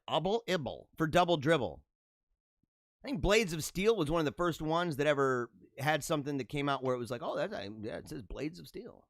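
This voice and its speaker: A man's voice: on the high side, a bit bright, dry recording, clean studio sound. A man in his forties hosting a casual solo show, reacting to memes with jokey, chuckling asides. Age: 40s. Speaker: podcast host.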